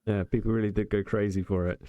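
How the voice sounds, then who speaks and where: A male podcast host asking loose, halting questions in casual conversation. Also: lowish voice, level tone, no room sound, phone-quality sound.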